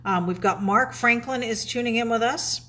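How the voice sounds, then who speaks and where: A woman's voice: a little high, normal speed, bright, forceful tone, a little hiss or hum. A woman co-hosting a live stream, chatting casually and reading out viewer comments.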